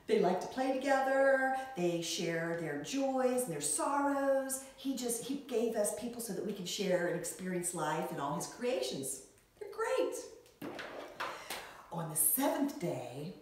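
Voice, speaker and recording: A middle-aged woman leads a Bible lesson for preschoolers, her voice swooping up and down in a bright sing-song. She sits back from the microphone, so the sound is distant. The room rings with a heavy echo. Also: medium pitch. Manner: animated and sing-song, talking to young children. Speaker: Sunday school teacher. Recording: echoey room, from far off.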